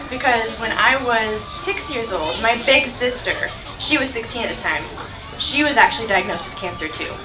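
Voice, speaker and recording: A young woman speaking to a crowd for a charity, her voice squeaky because she is sick, enthusiastic and heartfelt. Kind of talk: speech to a crowd. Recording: echoey and distant in a noisy crowd. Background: crowd noise.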